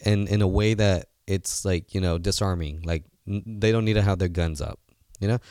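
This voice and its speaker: A man's voice: low voice, steady tone, moderate pace, darkish tone, dry recording, studio quality. A man in his twenties, a guest on a casual interview, talking earnestly and rambling with many fillers and restarts. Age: 20s. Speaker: guest, seminar organizer.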